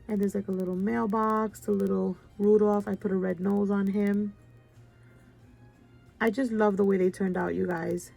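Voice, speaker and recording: A woman's voice: medium pitch, little pitch movement, normal speed, vocal fry, warm tone, soft background music. Stuffy-nosed gushing craft vlogger woman. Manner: gushing, chatty, keeps saying "you guys". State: stuffy nose. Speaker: craft channel host. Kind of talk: casual show-and-tell chat.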